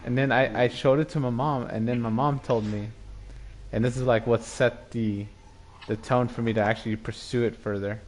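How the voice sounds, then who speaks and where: A man's voice: mid-range voice, steady tone, normal speed, a little hiss or hum. Rambling man telling a personal story. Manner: rambling, many fillers, often voices quoted people. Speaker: storyteller recalling his start in art.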